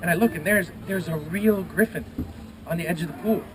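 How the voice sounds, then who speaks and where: A man telling a story to a festival audience, lively and playful, gasping and making sound effects as he acts out the characters. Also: high voice, a little fast, a crowd in the background. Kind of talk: animated storytelling to a live audience. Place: outdoors at a renaissance festival. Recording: noisy outdoor live recording.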